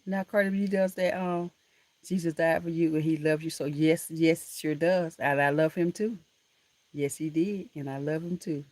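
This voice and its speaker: A woman's voice: low voice, fairly even intonation, normal speed, darkish tone, dry recording. Woman chatting on a live stream from her room, calls everyone honey and baby, laughs a lot, laptop mic. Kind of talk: casual live-stream chat with viewers. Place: room at home. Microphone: laptop camera mic.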